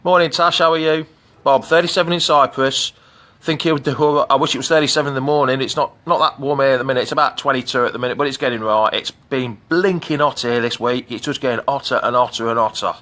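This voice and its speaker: A man's voice: mid-range voice, steady tone, fast talker, fairly bright tone. Chatty Midlands man livestreaming from a pool. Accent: English Midlands. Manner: chatty, greets viewers by name. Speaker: fan channel host. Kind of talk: live-streamed casual chat. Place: outdoors in a swimming pool. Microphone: phone camera.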